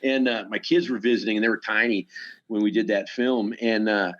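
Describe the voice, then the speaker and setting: A middle-aged man spins loose, chuckling stories from his work as a guest on a chat podcast. His voice sits a little low and the recording sounds somewhat muffled. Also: fairly even intonation, fairly quick, a bit bright. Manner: laid-back anecdotal, chuckling asides. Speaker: stuntman guest. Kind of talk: casual podcast storytelling.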